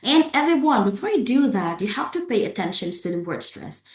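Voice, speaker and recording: A woman's voice: medium pitch, big pitch swings, brisk. A woman with an Indonesian accent teaching English pronunciation, drilling words aloud and checking in with "okay?" and "yeah?" between them. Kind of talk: classroom lecture with repeated model words. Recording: echoey room.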